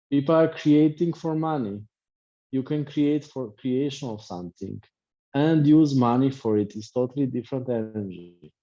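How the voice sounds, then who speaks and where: A middle-aged life coach talks through an online class, circling back and repeating his points in short, reflective phrases. His voice is mellow and relaxed, at an ordinary pitch for a man. The video call audio is dull and lo-fi.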